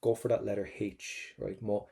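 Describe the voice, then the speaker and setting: A man's voice: on the low side, flat delivery, moderate pace, vocal fry, mellow. A man with an Irish accent, teaching an exam-prep language lesson in a chatty, joking way, drilling pronunciation.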